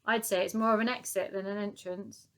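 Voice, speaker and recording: A woman's voice: medium pitch, steady tone, brisk, fairly bright tone, natural voice. A woman voicing a stout, proper old cleaning lady who sounds weary and put-upon in a storybook reading. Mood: prim.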